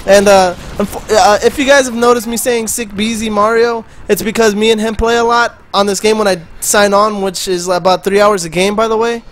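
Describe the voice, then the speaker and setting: A high-pitched man talks over his game footage in a loose, rambling way, trailing off and restarting as he explains each play. He swears offhand and keeps a casual, chatty tone. A faint hiss sits under his home microphone. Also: steady tone, a little fast, hardly any pauses, fairly bright tone. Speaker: gaming channel host. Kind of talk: casual gameplay commentary voice-over.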